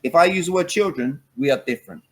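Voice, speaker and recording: A communication coach talks animatedly in an interview, emphatic and lively, acting out phone calls as examples. His slightly high voice is a little rough and quick-paced, captured in a low-quality recording.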